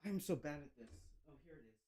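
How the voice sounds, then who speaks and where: This cooking channel host is a young man with a fairly high, animated, dark-toned voice and a quick pace. He chats casually in his cooking vlog, rambling with lots of fillers and self-mocking humor.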